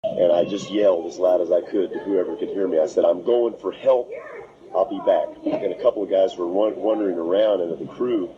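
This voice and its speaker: A man telling a story in an animated way, acting out quotes with voices and sound effects. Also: sits low, fast. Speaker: interviewee recounting a plane crash. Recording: muffled recording with steady background noise.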